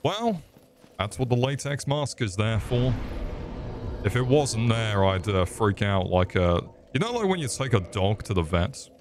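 A young man with an English accent riffs through a live game stream, cursing freely and trading crude jokes with his chat. His voice sits on the low side, with faint noise behind it. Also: animated, moderate pace. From England. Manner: crude, joking, swears often, talks to chat. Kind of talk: live gameplay commentary.

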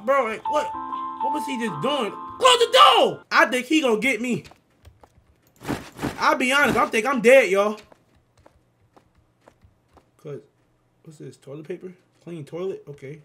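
A man giving excitable, slangy commentary on a horror game, talking straight to his viewers and reading out the game's lines. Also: high-pitched. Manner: excitable, slangy, talks to viewers, reads game dialogue aloud. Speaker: gaming YouTuber.

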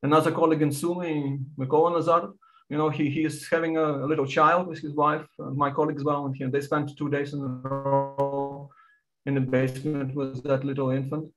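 A man, speaking on an academic panel in an earnest, halting way with many restarts, visibly moved. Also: on the high side, level tone, a bit bright, soft background music, poor audio. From Ukraine.

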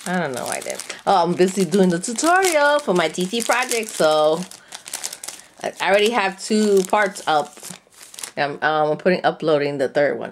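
Gushing woman with a lively, swooping voice. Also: lowish voice, moderate pace, a little hiss or hum. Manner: gushing, breathy gasps and delighted exclamations. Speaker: craft vlogger. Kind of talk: casual unboxing chat.

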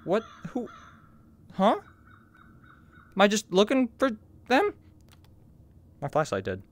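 Gamer woman cursing thru a scary game, voice jumps way up and down, slow drawl. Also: medium pitch, huge pitch swings. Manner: profane, screams and exclaims at jump scares. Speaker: video game let's player. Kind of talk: reactive gameplay commentary.

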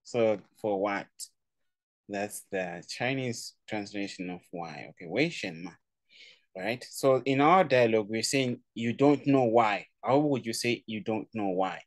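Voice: mid-range voice, expressive, measured pace, dry recording. A Chinese tutor on a video call, giving a casual online language lesson, playful, laughing often and repeating words for drill.

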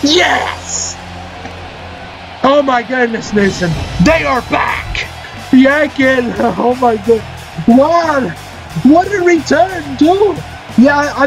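Man, very high voice, slow unhurried delivery, excitable cheering game commentary, clear music underneath. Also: rough recording. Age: adult, a parent. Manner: excitable, often shouting and cheering. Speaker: gaming channel host. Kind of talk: excited play-by-play commentary over a wrestling video game.

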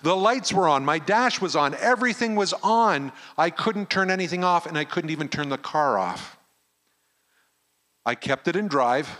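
Middle-aged man, pastor, lively storyteller, fairly high voice. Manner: animated storyteller who acts out the dialogue. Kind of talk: storytelling sermon. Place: camp meeting hall.

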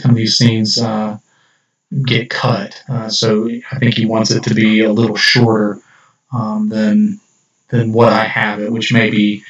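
A man's voice: lowish voice, slightly rough. A man reading his own short story aloud, stopping now and then to discuss editor's notes. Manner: reads steadily, breaks off to discuss edits. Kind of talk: live read-aloud and editing session. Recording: dull distant lo-fi recording.

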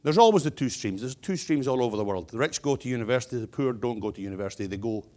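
A man's voice: mid-range voice, animated, very fast, dark tone. Blunt, jokey Scottish man in his sixties. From Scotland. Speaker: keynote speaker, stonemason. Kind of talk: humorous keynote speech.

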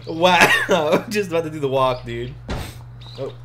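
A gaming video host giving let's play commentary, excitable, breaking into shrieking laughs and shouts. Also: medium pitch, normal speed, heavy background noise. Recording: loud background music.

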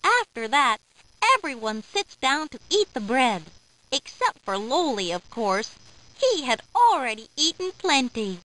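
A woman's voice: high voice, big pitch swings, measured pace, fairly bright tone, poor audio. A woman narrating a children's storybook, playfully acting out the characters' lines.

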